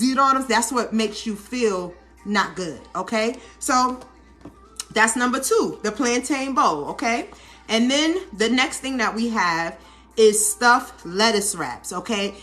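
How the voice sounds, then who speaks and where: A woman's voice: on the high side, a bit bright. A woman vlogger and busy mom chatting casually while she cooks in her home kitchen, coaching viewers and checking in with "okay?" as she goes. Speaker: vlog host, busy mom. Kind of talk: casual cooking demo talk.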